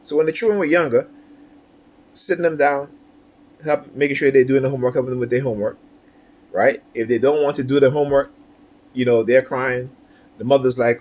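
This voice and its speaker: A man's voice: mid-range voice, fairly even intonation, fairly quick, pauses often, darkish tone. A man talking straight to camera in a personal monologue, aggrieved and repetitive, tagging his points with "right?". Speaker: vlogger.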